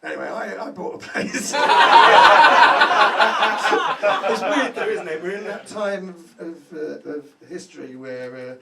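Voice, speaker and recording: A high-voiced male stand-up comedian rattling through a sweary story and bantering with the crowd, forever tagging lines with "right?". He is picked up from a distance in a live venue, with clear room noise around him. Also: moderate pace, hardly any pauses, reverberant. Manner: loud, swearing, crowd-work banter with many "right?" tags. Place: comedy venue before a laughing audience. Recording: distant mic, audible room ambience.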